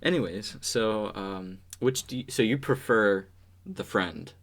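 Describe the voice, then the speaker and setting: A man's voice: on the low side, measured pace, a bit bright. A young man hosting a casual podcast chat, laid-back and laughing often. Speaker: podcast host.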